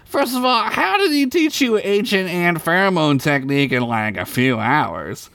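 A man's voice: high voice, big pitch swings, moderate pace, fairly bright tone, no echo, pitched above the performer's own voice, full character voice. A man voicing Chickpea, a tipsy tavern listener with a skeptical, heckling manner, in a spoken story.

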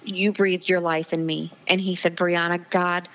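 Interview guest, woman, 40s, earnest and emotional, lots of ums, slightly low voice, muffled phone audio. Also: little pitch movement, a little slow, a bit bright. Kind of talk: personal testimony in interview.

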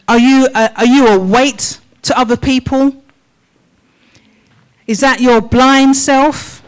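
A woman's voice: on the high side, fairly even intonation, poor audio. A woman preaching a sermon in church, asking the congregation a run of questions. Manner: slow, measured questions to the congregation.

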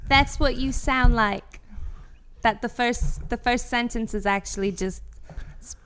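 A woman playing the hesitant, deadpan wife of an injured firefighter in an improv comedy scene. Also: on the high side, a little slow, slight background noise.

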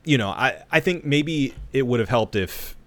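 A man's voice: mid-range voice, expressive, dry recording. A man co-hosting a film review podcast, talking casually and thinking aloud with careful hedges. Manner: measured, hedging, thinks aloud. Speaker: podcast co-host.

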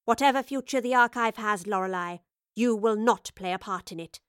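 A woman's voice: medium pitch, a bit bright, smooth, dry recording, clean studio sound, natural voice. A woman voicing a grave, resigned professor. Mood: solemn. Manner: slow, solemn, measured.

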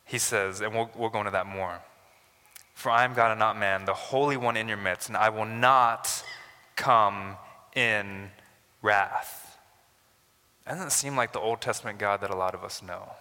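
Man, pastor, conversational sermon with emphatic climbs; bright, forceful tone; reverberant hall. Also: lowish voice, unhurried. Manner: conversational, builds to emphatic rises.

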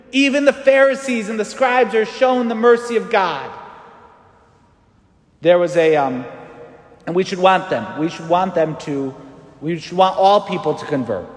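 A man preaching a sermon as a priest, animated and acting out the voices in the story. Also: high voice. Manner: animated, acts out quoted voices. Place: church. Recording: echoey church hall.

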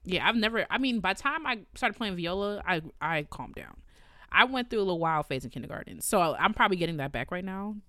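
A woman who co-hosts a podcast and teaches orchestra, telling stories in casual chat with an animated, exasperated delivery. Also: quick pace, dry recording, studio quality. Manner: animated, exasperated storytelling with sudden jumps in pitch.

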